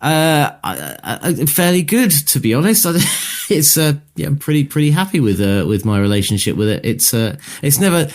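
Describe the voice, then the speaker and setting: A man's voice: fairly high pitch, big pitch swings, a little fast, few pauses. A man with an Essex accent, co-hosting a podcast in casual chat, rambling and thinking aloud with many asides. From Essex, England. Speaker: podcast co-host.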